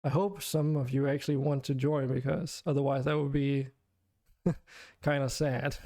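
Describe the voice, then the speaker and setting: A man's voice: medium pitch, little pitch movement, a little slow, mellow, dry recording, clean studio sound. A man streaming a game, chatting casually with viewers in a chatty, self-deprecating way and laughing often. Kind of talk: casual live-stream chat.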